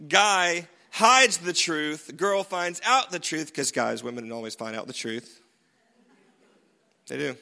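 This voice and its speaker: A pastor preaches a sermon in a casual, conversational style, cracking jokes, often turning aside to the congregation, and using many tag questions. His voice is a little high, bright, creaky and forceful, and he speaks slowly.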